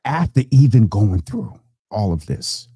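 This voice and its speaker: A man's voice: fairly low pitch, very animated, measured pace, warm tone, slightly rough, no echo, studio quality. A male host who interviews with short, affirming replies.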